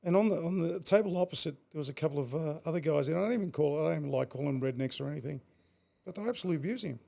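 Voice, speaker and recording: Gravelly aussie guy, middle-aged, talks fast and blunt, swears a lot. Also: on the high side, animated, darkish tone. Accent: Australian. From Australia. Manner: blunt, swears freely, repeats words. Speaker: guest. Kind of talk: casual storytelling.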